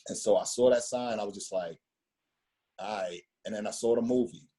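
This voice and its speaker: Middle-aged storyteller, fifties, husky and dark-toned, loose rambling delivery full of slang and restarts. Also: male voice, lowish voice, quick pace. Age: 50s. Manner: rambling, repeats words, street slang. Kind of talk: casual storytelling conversation.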